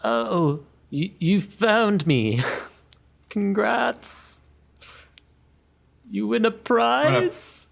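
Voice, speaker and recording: A man voicing a timid stowaway hiding in a barrel who claims to be a scary ghost, with a high, wavering, giggly voice. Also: lively intonation, very slow, gravelly, long pauses, heavily acted. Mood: meek.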